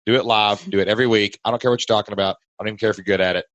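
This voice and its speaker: A low-voiced man with a Southern Kentucky accent coaches on a podcast, emphatic and energetic. His voice sits close and dry, with no room around it. He challenges the listener again and again. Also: very fast, dry recording, lo-fi sound. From Southern United States. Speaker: podcast host and business coach. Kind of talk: casual coaching chat.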